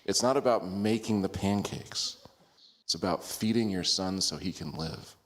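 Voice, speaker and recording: A middle-aged man with a lowish voice tells a self-mocking story to a class, chuckling between lines. His talk is loose and chatty, full of small restarts. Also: moderate pace, a little hiss or hum. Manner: self-deprecating, laughing as he talks. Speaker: class participant. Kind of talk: casual sharing in a group class.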